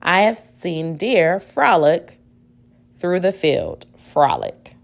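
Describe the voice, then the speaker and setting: A woman teacher giving a spelling dictation lesson, speaking deliberately, repeating each word and spelling it out letter by letter. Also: lowish voice, sing-song, vocal fry.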